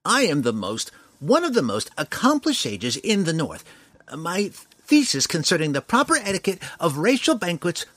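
A man's voice: high voice, wildly swooping pitch, normal speed, fairly bright tone, dry recording, pitched above the performer's own voice, exaggerated voice. A man voicing a fussy, proud male dwarf sage who speaks formally and huffs when flustered. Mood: indignant. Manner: prim, formal and huffy.

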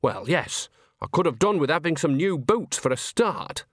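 A man's voice: on the high side, big pitch swings, normal speed, dry recording, clean studio sound, pitched above the performer's own voice. A man voicing a cheerful, earthy old woman witch who talks in a rambling, folksy, sly way. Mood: chatty. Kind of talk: audiobook character voice.

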